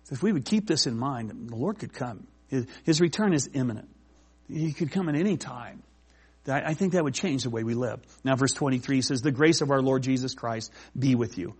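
A man preaching a casual, conversational sermon, slowing to read scripture and often restarting his sentences. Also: medium pitch, animated, darkish tone, husky. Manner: slows down to read scripture aloud. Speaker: pastor.

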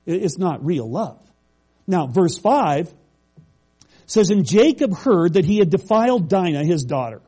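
A man's voice: high-pitched, big pitch swings, a little slow, mellow, husky. A middle-aged male pastor preaching a conversational sermon, reading scripture aloud and explaining it plainly.

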